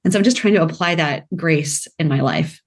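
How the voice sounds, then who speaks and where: A fast-talking woman in her thirties speaks as a podcast guest with a lowish voice. She talks with lively energy and acts out her own quoted thoughts in a higher voice. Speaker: guest, app founder. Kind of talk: conversational interview.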